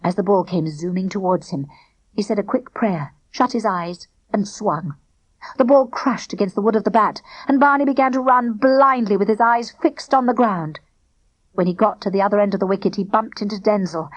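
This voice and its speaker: A woman narrating a children's storybook in an animated, expressive way. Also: medium pitch, moderate pace, no room sound, poor audio. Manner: animated, acting out the characters. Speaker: audiobook narrator.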